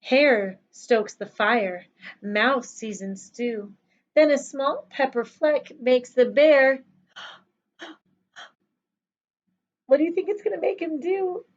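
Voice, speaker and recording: Slow, animated woman reading a storybook. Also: sits high, highs cut off. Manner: animated, sing-song, chatty asides to children. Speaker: teacher reading to children. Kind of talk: reading a picture book aloud.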